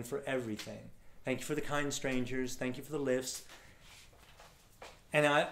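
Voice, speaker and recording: In a roomy-sounding space, a man with a mid-range, slightly bright voice gives a storytelling talk to a live audience. As a motivational speaker, he imitates the voices of people he's met and laughs a lot.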